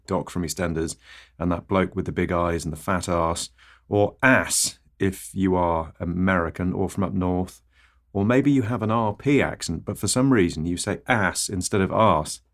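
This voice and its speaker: A man with a deep, low voice hosts his own absurdist comedy podcast. He reads a scripted monologue that tumbles from one pun into the next, in a tone of mock grandeur. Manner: rambling wordplay and mock self-importance.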